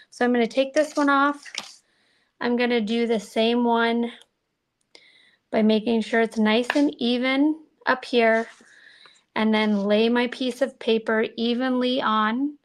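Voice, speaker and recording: A woman's voice: on the high side, steady tone, a little slow. A woman giving a chatty, self-deprecating crafting demo, talking to viewers as she works. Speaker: card-making demonstrator.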